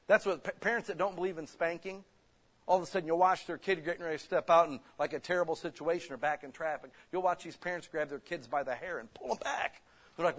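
A man preaching a sermon, conversational and animated, acting out voices as he tells stories. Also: fairly high pitch. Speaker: pastor.

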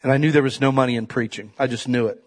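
A man preaching a sermon in a conversational style, swinging from loud emphatic peaks to quiet asides and often turning to the congregation with "right?" and "man". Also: mid-range voice, fairly even intonation, fast.

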